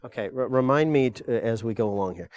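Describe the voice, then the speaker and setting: A man's voice: mid-range voice, fast talker, a little mellow. An older man giving a live lecture to an audience, rambling along with frequent fillers and self-corrections.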